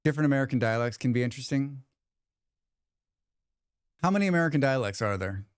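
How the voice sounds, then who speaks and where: Rambling, joking streamer man, crisp voice. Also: mid-range voice, lively intonation, quick pace, no room sound, clean studio sound. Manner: rambling, joking, restarts a lot. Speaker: livestream host. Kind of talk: casual chat reading viewer comments.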